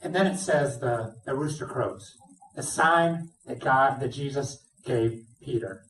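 A male pastor preaching a sermon, retelling a story with lively, acted-out dialogue. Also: medium pitch, a little slow, distant mic. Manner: animated storytelling, acts out dialogue. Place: church sanctuary. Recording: roomy sound, speaker away from mic.

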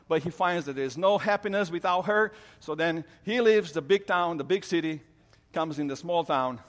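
Preacher in a reverberant hall. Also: male voice, on the high side. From Romania. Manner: earnest storytelling with frequent restarts. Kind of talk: sermon on a Bible story.

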